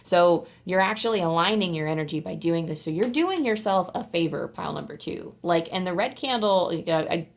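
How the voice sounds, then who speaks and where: A woman's voice: fairly quick, creaky, hardly any pauses. Chatty woman giving a tarot reading. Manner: chatty and rambling, full of "like" fillers; bursts into excited, high squeals. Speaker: tarot card reader. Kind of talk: casual pick-a-card tarot reading to camera.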